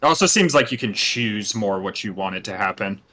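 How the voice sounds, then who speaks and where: Bright-voiced man running a tabletop game. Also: fairly low pitch, expressive, a little fast. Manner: explains rules step by step, laughs often. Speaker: game master.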